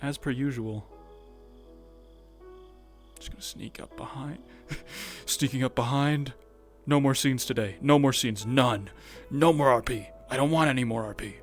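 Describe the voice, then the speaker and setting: A man with a medium-pitched voice streams a VR roleplay, talking a little slowly to his viewers in a loose, rambling way and laughing to himself. Faint music plays behind him during this casual stream chat.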